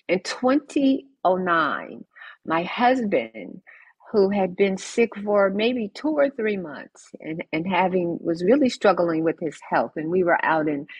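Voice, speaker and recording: Woman, interview guest; low, expressive, husky; plainspoken storyteller. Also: no room sound. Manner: animated storyteller who acts out dialogue; firm and direct. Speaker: interview guest, cancer survivor. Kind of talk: personal storytelling in conversation.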